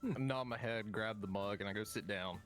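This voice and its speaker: A man's voice: lowish voice, fairly quick, fairly bright tone, faint music behind. A man playing a tabletop game, casually describing his character's actions. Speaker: player.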